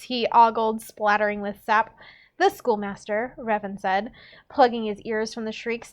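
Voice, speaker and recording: A young woman with a fairly high voice reads a novel aloud to friends. She leans into the dialogue, drawing out lines with lively emphasis. Between passages she slips into easy, chatty talk. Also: measured pace. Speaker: teacher and book-club co-host reading aloud. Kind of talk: casual read-aloud with chat.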